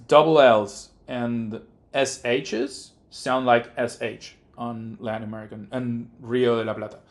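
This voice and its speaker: A man, a native Spanish speaker with a Rioplatense accent, casually chatting and thinking aloud as he streams his game development work. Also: mid-range voice. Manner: rambling, thinking aloud with many fillers. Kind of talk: casual live-stream chat while working.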